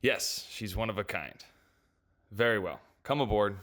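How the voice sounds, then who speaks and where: A woman's voice: extremely low pitch, animated, unhurried, a bit bright, pitched below the performer's own voice, exaggerated voice. A woman voicing a stern male sky-ship captain who gives curt, clipped commands. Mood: commanding. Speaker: narrator voicing characters.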